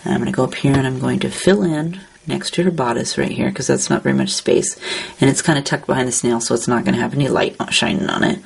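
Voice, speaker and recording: A woman with a low, husky voice that has heavy fry running through it. She narrates a craft tutorial step by step, in an easy and unhurried way, describing each stroke as she colors. Her gravelly tone stays steady throughout. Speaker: card-making instructor.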